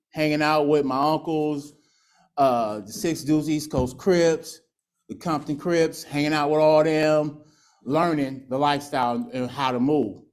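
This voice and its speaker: Man, a bit high-pitched, candid streetwise testimony, recovery meeting. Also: darkish tone. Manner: candid, streetwise storytelling with laughs and acted quotes. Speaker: speaker sharing his recovery story.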